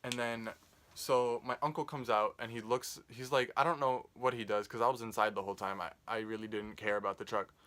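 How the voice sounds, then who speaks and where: A man's voice: medium pitch, fairly even intonation, brisk, a bit bright. Rambling, foul-mouthed young man telling a story. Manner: rambling, profane, lots of "like". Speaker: vlogger. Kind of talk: casual storytime vlog.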